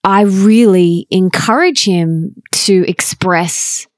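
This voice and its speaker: A woman hosting a podcast interview, talking warmly and reflectively about relationships in an eager, conversational way. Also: fairly low pitch, slow, dry recording, clean studio sound. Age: adult, stepmother of an eleven-year-old. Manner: enthusiastic, reflective, speaks of her book and family. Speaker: podcast host.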